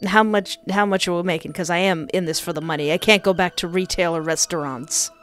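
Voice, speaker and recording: A woman's voice: on the low side, steady tone, fairly quick, a bit bright, soft background music. Playful woman streamer. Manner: playful and jokey. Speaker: gaming streamer. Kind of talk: playthrough commentary, reading game dialogue.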